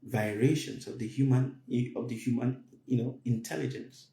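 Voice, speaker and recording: A man giving a spiritual talk to listeners, emphatic and repeating his phrases, his voice climbing high to stress a point. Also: fairly even intonation, moderate pace, vocal fry, mellow. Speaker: spiritual teacher. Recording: roomy echo.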